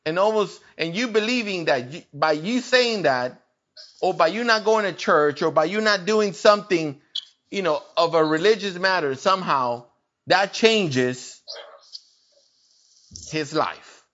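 Animated, drawn-out man preaching informally. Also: high-pitched. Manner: animated, repeats phrases for emphasis. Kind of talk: informal sermon. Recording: muffled lo-fi recording.

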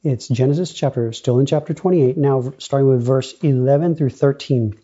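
A male preacher delivers a sermon in an unhurried, pausing way, his voice very dark and a little husky. The recording is slightly dull and lo-fi. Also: medium pitch. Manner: unhurried, pausing often, addresses congregation as brothers and sisters. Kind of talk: sermon with scripture reading.

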